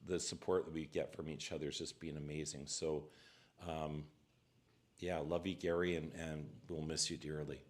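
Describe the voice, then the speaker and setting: A man speaking at a memorial reception, telling family stories and thanking relatives, often pausing with fillers and restarts. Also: rumbling low, little pitch movement. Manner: halting, many fillers and restarts. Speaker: family member giving a eulogy. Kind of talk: memorial speech, personal stories.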